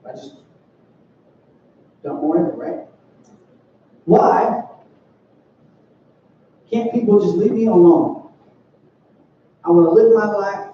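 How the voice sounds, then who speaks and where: A young youth pastor with a high voice delivers a youth sermon slowly, pausing often, in a casual, conversational way and acting out quoted voices. He's in a church hall, recorded from afar with dull, roomy sound.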